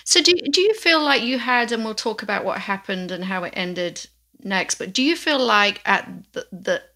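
A woman podcast host asking an interview guest measured, probing questions. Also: medium pitch, lively intonation, bright, forceful tone.

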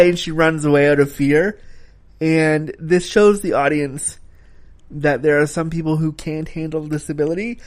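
A man's voice: fairly high pitch, steady tone, measured pace. A man giving a casual spoken film review, talking frankly and critically, with the occasional swear word.

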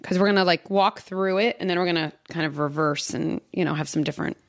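A woman hosting a parenting conversation, calm and measured as she reassures the guests. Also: lowish voice, creaky. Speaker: host, parenting psychologist. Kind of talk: coaching conversation.

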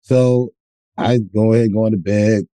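A man co-hosting a podcast, telling stories in a profane, animated, casual way. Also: lowish voice, normal speed, smooth, no echo. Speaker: podcast co-host. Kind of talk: casual chat.

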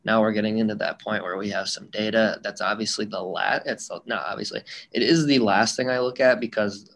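A man's voice: lowish voice, fairly even intonation, brisk, gravelly, fairly bright tone. A man co-hosting a sports betting podcast, breaking down games in a loose, analytical way. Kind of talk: casual podcast chat.

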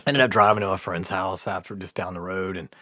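A man's voice: low voice, normal speed, pushed and bright, no room sound, clean studio sound. A man telling a wild story in casual chat, laughing often, swearing freely and acting out what people said. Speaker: podcast host telling a story.

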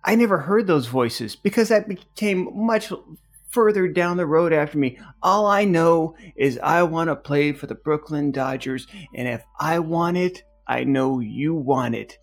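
A man's voice: fairly high pitch, measured pace, creaky, faint music behind. A man playing an earnest eight-year-old boy. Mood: pleading. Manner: earnest, pleading, boyish. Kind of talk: improvised comedy podcast.

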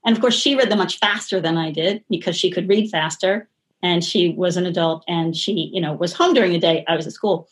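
A woman's voice: lowish voice, a little fast. A middle-aged woman as an interview guest, talking in a rambling, chatty way with many restarts and light laughter. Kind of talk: casual interview conversation.

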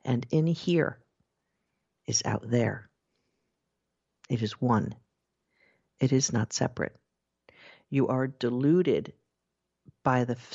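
Low-voiced woman giving a spiritual talk. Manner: expressive, acts out inner voices, slows on key words. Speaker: spiritual teacher. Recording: dull lo-fi recording.

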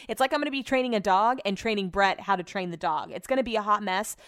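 Young woman vlogger, animated story rambles with casual swearing, dry close sound. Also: medium pitch, fast talker, no room sound. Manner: chatty, animated retelling of arguments, acts out quotes.

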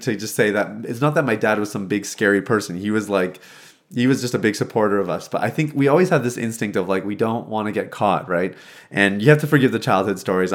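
With a voice on the low side, a man in his 30s tells his personal recovery story as a faith-based speaker. He's reflective and conversational, restarting frequently, and the recording was made in his old childhood bedroom.

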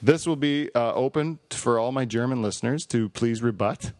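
A man's voice: mid-range voice, moderate pace, over music. A man hosting a podcast in a casual, jokey and rambling way, reading listener feedback aloud. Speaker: podcast host.

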